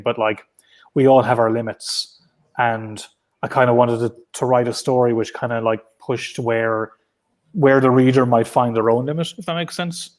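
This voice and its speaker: An Irish man chats from home through his laptop on a video call. His voice sits at an ordinary middle pitch, and he talks in loose, rambling runs. He restarts his sentences often and leans on easy filler words. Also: darkish tone. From Ireland. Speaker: guest comic writer. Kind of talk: casual interview over video call.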